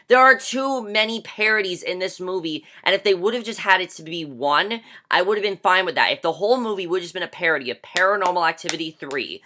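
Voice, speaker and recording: A young man delivers a casual movie review as an emphatic rant. His voice is bright and edged. He repeats himself for emphasis and leans on "like" as a filler. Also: high-pitched. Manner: emphatic and exasperated, heavy use of "like".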